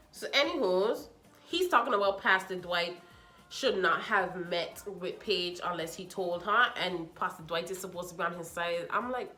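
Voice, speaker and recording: A young woman chatting casually as she reviews a reality show, sassy and animated, acting out what people said with mocking asides. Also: mid-range voice, reverberant.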